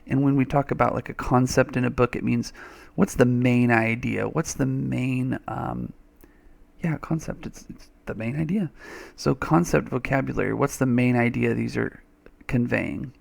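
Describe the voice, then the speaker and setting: A man's voice: mid-range voice, steady tone, moderate pace, gravelly. A man teaching a reading lesson over a screen recording, chatty and thinking aloud, with little playful sound effects.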